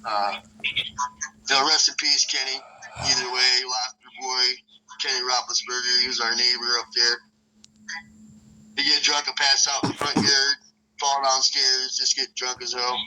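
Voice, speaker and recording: A man's voice: level tone, moderate pace, long pauses, bright, forceful tone, rough recording. A man hosting a podcast, telling a rambling, profane story from northern Michigan in a loose, casual way. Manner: rambling, profane, acts out voices with big jumps in pitch. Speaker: podcast host.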